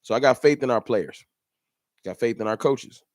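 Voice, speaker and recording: A man's voice: mid-range voice, normal speed, no room sound, studio quality. A man hosting a fan channel livestream, ranting in an emphatic, repetitive, slangy way. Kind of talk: livestream rant.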